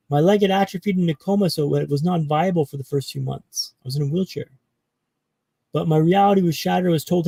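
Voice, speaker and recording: Guy from canada, gravelly mellow voice, tells his story slow and dramatic, dry close mic. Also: a little high, no room sound, low-quality recording. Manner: dramatic, paced storytelling with pauses. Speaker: guest speaker. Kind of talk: storytelling in a podcast interview.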